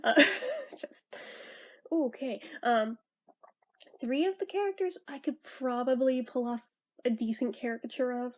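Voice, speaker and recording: A woman's voice: high voice, unhurried, long pauses. A young woman vlogging in casual chat, rambling, laughing often and swearing casually.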